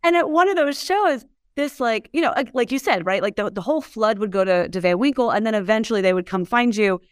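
A woman's voice: a little high, lively intonation, brisk, clear, resonant tone, dry recording, studio quality. A woman guest telling stories in a casual interview, chatty and laughing often. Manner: chatty, lots of filler words, laughs while telling stories. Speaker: interview guest, whiskey brand founder.

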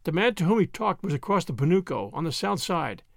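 A male audiobook narrator reads with expressive, dramatic phrasing. His voice sits fairly high and moves a lot, with a gravelly texture. The recording is dry and close. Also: brisk, no room sound. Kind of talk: scripted narration.

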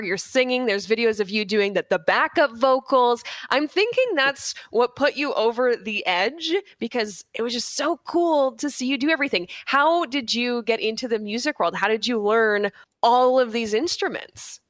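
A woman's voice: on the high side, normal speed, dry recording. Enthusiastic female radio co-host. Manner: warm, enthusiastic questioning. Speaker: radio morning show co-host. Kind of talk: radio interview. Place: radio studio.

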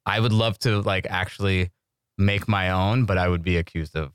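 A man's voice: sits low, fairly even intonation, moderate pace, clean tone, dry recording, studio quality. A man chatting casually as a podcast co-host, joking and rambling with lots of restarts. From Iran. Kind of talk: casual chat.

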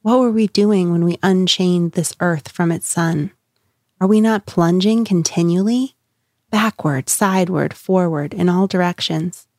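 A woman's voice: medium pitch, a little mellow, no echo, studio quality, natural voice. A woman reading the lines of an anguished man crying out to a crowd, in an impassioned, questioning manner. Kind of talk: dramatic reading.

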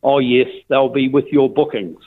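A man's voice: medium pitch, normal speed. An older man with a New Zealand accent, telling his story in a casual phone interview, rambling with restarts and fillers. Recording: tinny phone line.

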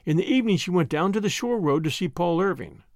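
A man narrates a classic novel with gentle, expressive storytelling. His voice sits high and moves with lively pitch. The recording is close and dry. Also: fast talker, vocal fry, dry recording. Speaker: audiobook narrator. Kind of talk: scripted narration.

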